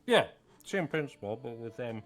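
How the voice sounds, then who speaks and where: A man's voice: medium pitch, big pitch swings, normal speed. A man, a player on a tabletop game stream, teasing and mumbling in casual chat with some swearing.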